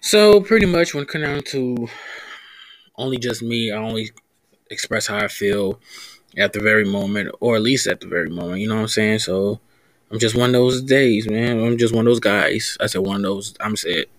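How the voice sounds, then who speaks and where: A man's voice: on the low side, normal speed, dry recording. A young man hosting a podcast, rambling casually and profanely, often stumbling over his words. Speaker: podcast host.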